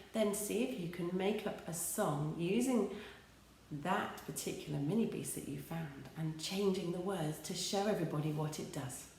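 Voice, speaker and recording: A woman's voice: mid-range voice, distant mic. An English woman, an early years teacher, leading young children through simple action songs in a sing-song, encouraging way. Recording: echoey room with light music.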